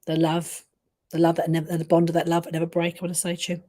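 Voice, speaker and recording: A woman medium giving a live reading to a grieving mother, speaking softly and haltingly, often pausing to say "I wanna say to you" and "okay?". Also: lowish voice, completely flat delivery. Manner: soft, gentle and consoling. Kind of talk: live-streamed intuitive reading.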